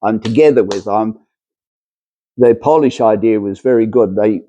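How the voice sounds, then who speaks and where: A man's voice: on the low side, normal speed, dark tone, lo-fi sound. A man giving a spiritual lecture to a small group, talking in a rambling, hesitant way with many fillers and restarts.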